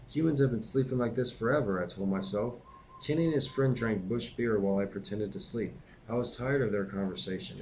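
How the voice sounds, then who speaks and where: Male author reading his memoir, low voice, casual delivery with slips and asides. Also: darkish tone, a little hiss or hum, rough recording. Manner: plain conversational delivery with occasional slips and asides.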